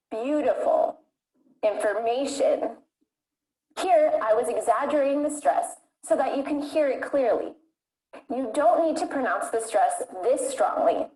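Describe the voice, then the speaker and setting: A woman teaching English pronunciation in a clear, deliberate, scripted way. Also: on the high side, darkish tone. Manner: clear, deliberate modeling of words. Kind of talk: scripted lesson narration. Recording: echoey room.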